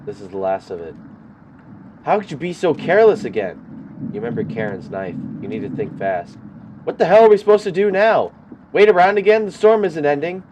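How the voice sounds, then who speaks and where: A man voicing an angry woman survivor in a story game, shouting accusations, raised and loud. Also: sits low, fairly even intonation, fast, few pauses, a little hiss or hum, close to an everyday voice, poor audio. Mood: furious. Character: furious demanding woman survivor.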